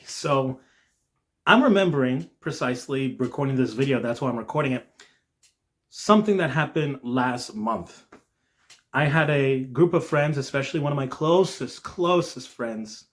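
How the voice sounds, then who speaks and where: A young man from New Jersey giving an earnest devotional talk, checking in often with "all right?" and letting his voice rise when he stresses a point. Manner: earnest, lively rises in pitch, frequent "all right?" asides. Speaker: Christian video creator.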